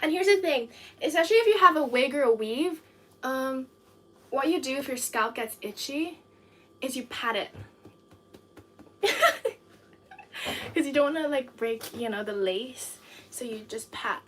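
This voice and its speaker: A woman chatting casually to viewers on a livestream, talking in quick, giggly bursts of excitement. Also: sits high, slight background noise.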